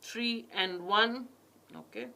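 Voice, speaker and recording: A woman's voice: medium pitch, very animated, slow pace, sharp tone. A woman teaching an exam prep class online, reading passages aloud with heavy stress on key words and questioning her students.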